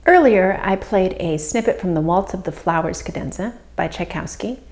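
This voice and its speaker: Calm woman teaching harp. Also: on the low side, moderate pace. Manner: calm and explanatory, with soft fillers. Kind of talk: instructional explanation. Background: harp playing.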